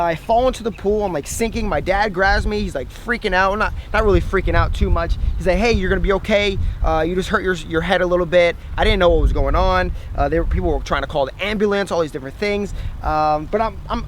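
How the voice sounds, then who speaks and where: A young man talks straight to camera outdoors, telling a story in an animated, chatty way and laughing at himself. His voice sits fairly high for a man. Faint outdoor noise runs underneath. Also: fairly quick. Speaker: fitness vlogger.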